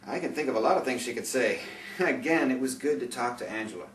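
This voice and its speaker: A man's voice: medium pitch, quick pace, a bit bright. A man reading his own memoir aloud, sardonic, with bitter asides, in a recording with a roomy, distant sound and faint hiss. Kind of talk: audiobook memoir narration.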